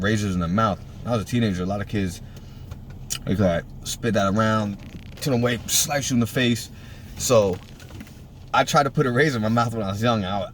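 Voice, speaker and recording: A man's voice: fairly low pitch, slight background noise. A man in his thirties from Puerto Rico, casually telling a story full of swearing and acting out the people in it. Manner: profane, animated, acts out quotes in a raised voice.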